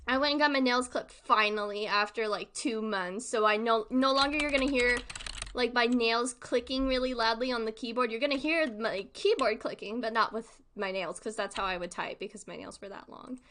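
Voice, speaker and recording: A woman's voice: a little high, fairly bright tone. A young woman streaming live, chatting casually and rambling, laughing often between thoughts. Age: young adult.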